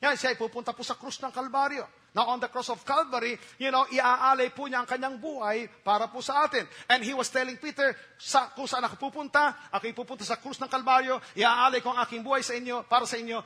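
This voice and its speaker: This pastor preaches in a very high, ringing voice with a sharp, bright edge. He keeps checking in with the congregation with "Okay?" and "Amen?", repeats himself for emphasis, and drops from loud outbursts to hushed asides. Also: fairly even intonation, quick pace, hardly any pauses. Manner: emphatic preaching with sudden loud bursts and dropped near-whispers. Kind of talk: sermon.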